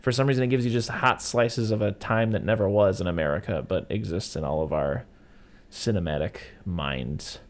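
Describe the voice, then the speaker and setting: A man co-hosting a casual podcast, recapping a film scene by scene and slipping into quick silly voices for its characters. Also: fairly low pitch. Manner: animated, acts out movie characters in quick put-on voices. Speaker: podcast co-host. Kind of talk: casual movie recap chat.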